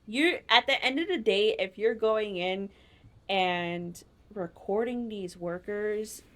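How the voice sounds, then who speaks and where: Speaking slowly in a mid-range voice, a woman co-hosts a casual podcast conversation. Her storytelling is blunt and rambling, with lots of profanity.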